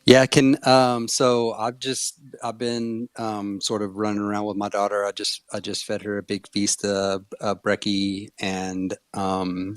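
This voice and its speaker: A man's voice: on the low side, monotone, unhurried, few pauses, dry recording. A man chatting casually in an online audio room, rambling with many fillers and frequent swearing. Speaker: community member, parent.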